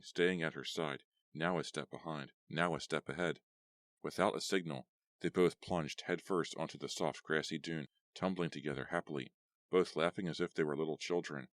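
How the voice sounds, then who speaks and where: Very deep-voiced male audiobook narrator. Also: normal speed, no room sound. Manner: steady storytelling read. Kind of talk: scripted narration.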